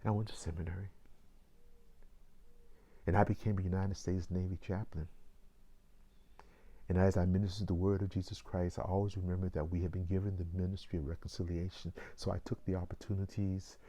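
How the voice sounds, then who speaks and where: A man in his sixties telling a personal story in a measured way, with deliberate pauses. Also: sits low, flat delivery, warm tone.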